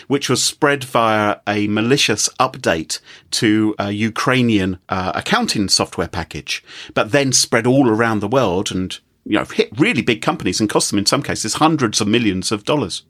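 A man's voice: on the low side, moderate pace, fairly bright tone. A man co-hosting a casual tech chat, wry and prompting with questions. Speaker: podcast co-host.

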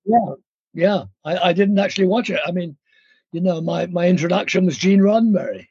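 A man's voice: sits high, fairly quick, a little mellow, husky, no echo, muffled recording. An older man from India, a guest actor telling stories in a rambling, hesitant way with many ums and restarts, heard over a remote line. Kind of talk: casual interview storytelling. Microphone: remote call line.

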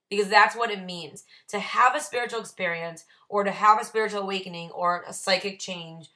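A woman's voice: mid-range voice, pushed and bright. A woman leading a recovery book study, reading passages aloud and explaining the notes she wrote beside them. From Ohio, USA. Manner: reads passages then explains her own notes. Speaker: AA Big Book study leader. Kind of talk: reading aloud and commenting on a text.

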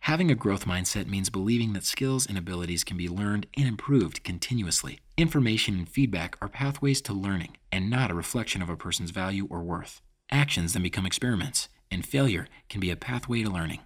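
Man with a low, measured narrating voice. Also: slightly rough. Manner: measured, even-toned reading. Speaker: narrator of parenting guidance. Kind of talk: scripted informational narration.

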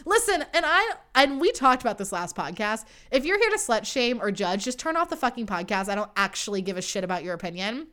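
A woman's voice: medium pitch, bright, forceful tone. Young woman host, casual storyteller, chatty and profane, mid-range voice. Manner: chatty, swearing, heavy use of "like". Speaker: podcast host.

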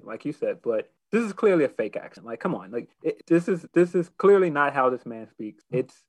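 A man chatting casually about wrestling on a podcast, his voice sitting at an ordinary middle pitch. He stumbles through restarts and fillers, then grows animated as he makes his points. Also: fairly quick, hardly any pauses, poor audio. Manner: hesitant, many restarts and fillers, animated when opinionated. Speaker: podcast co-host.

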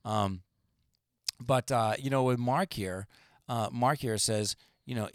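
A man's voice: mid-range voice, slow pace, dry recording, studio quality. A man co-hosting a podcast, talking in a casual, rambling way with many fillers and restarts. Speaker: podcast co-host. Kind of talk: casual discussion.

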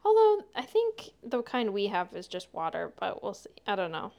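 A woman's voice: mid-range voice, wildly swooping pitch, moderate pace, creaky, a little mellow. A young woman co-hosting a casual podcast, teasing and laughing often. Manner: amused, giggly, teasing. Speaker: podcast co-host.

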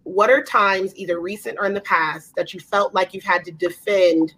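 A woman moderating a panel discussion, asking measured questions with filler pauses. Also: medium pitch, fairly even intonation, a bit bright, poor audio.

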